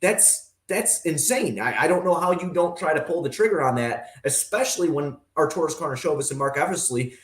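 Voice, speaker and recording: A male sports writer talking as a guest on a sports talk show, animated and opinionated, with many fillers. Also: fairly high pitch, a little fast, hardly any pauses, roomy sound. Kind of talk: sports talk radio discussion.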